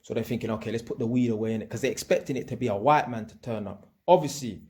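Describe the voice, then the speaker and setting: A man's voice: medium pitch, fast, echoey room. A young man, telling a casual, slangy story about his work as an electrician and acting out the people in it. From England. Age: young adult. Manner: slangy, animated, acts out quoted people.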